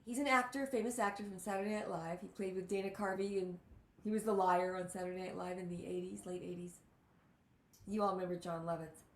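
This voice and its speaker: A woman hosting a talk show, telling stories in an animated way with lots of exclamations. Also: on the low side, fairly quick, roomy sound, rough recording. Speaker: host. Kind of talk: casual storytelling chat.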